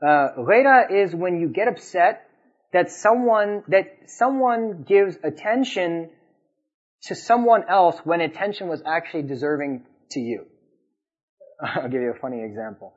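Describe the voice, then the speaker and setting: A man's voice: high-pitched, animated, measured pace. A man giving a conversational sermon, telling anecdotes and asking the audience questions. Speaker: Islamic preacher. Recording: dull lo-fi recording.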